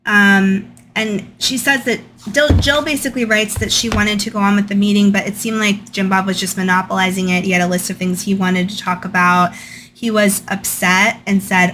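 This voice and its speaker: A woman's voice: mid-range voice, fairly even intonation, moderate pace, sharp tone, a little hiss or hum. A young adult woman hosting her channel. She reads passages from a book and comments on them in a chatty way, often saying "like" and "um". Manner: chatty, frequent "like" and "um". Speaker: channel host. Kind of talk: casual storytime commentary, reading from a book.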